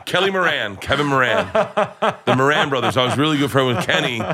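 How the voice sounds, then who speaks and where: A comedian guest telling a rambling, animated anecdote in conversation, full of restarts and self-corrections. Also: male voice, mid-range voice, fast talker.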